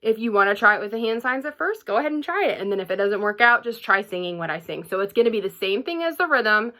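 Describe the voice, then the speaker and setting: A woman's voice: mid-range voice, very animated, quick pace, pushed and bright. A young woman teaching a music lesson to children at home, patient and encouraging, often checking in with "okay?". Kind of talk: remote classroom lesson for children.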